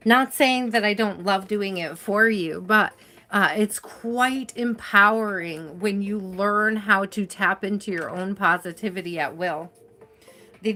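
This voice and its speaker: A woman hosting a live tarot reading, giving a spiritual pep talk to her viewers in a tired, encouraging way. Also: medium pitch. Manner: warm encouraging, spiritual pep talk, reads names from chat; tired, yawning. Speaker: tarot reader.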